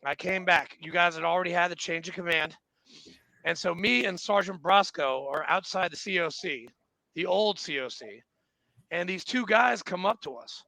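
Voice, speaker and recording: Bright, gravelly man on a dry mic. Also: high-pitched, moderate pace, no echo, rough recording. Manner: laid-back, profane storyteller. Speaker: podcast guest; Marine veteran. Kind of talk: casual war-story chat.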